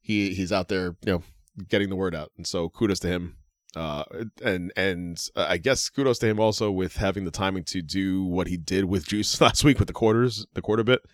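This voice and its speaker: New guy w a really low voice, laughs a lot, talks halting w lots of uhs, dry close mic. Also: dry recording. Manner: laughs often, halting with fillers. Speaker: podcast co-host. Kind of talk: casual chat.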